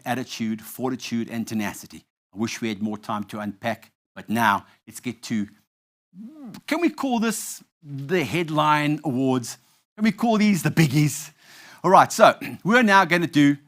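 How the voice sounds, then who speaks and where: A man from South Africa hosting a live awards event on stage, telling a story with a comic twist before announcing winners. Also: mid-range voice. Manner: storytelling, playful, shifts to loud hype when announcing. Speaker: awards host.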